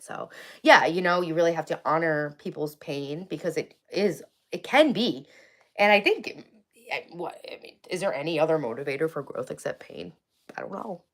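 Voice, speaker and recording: A woman hosting a casual livestream, teary and crying on and off, talking candidly and reading viewer comments aloud. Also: fairly low pitch. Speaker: livestream host.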